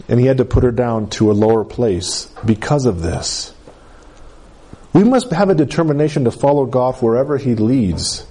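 A man preaching a sermon, telling his own testimony in an animated way, with quick asides and self-corrections. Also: mid-range voice, breathy edge.

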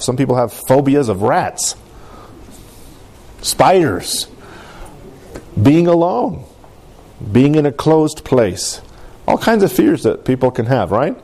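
A man's voice: medium pitch, dark tone. A man preaching a sermon, telling personal stories and building to emphatic, rising exhortations. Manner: storytelling, emphatic with rising intensity.

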